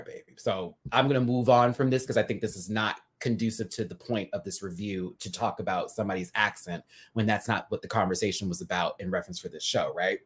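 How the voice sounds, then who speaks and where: A man hosting a casual live review. He talks in a sassy, chatty way, full of drag slang and quick laughs. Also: fairly bright tone. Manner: laughs often, dramatic pitch swings. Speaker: host reviewing a TV episode live.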